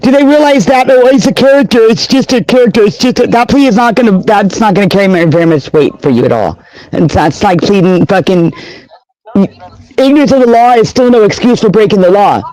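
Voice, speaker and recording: High-pitched man heckling mockingly. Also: expressive, fairly quick, darkish tone, poor audio. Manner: mocking, taunting. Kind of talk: heckling in a livestream argument.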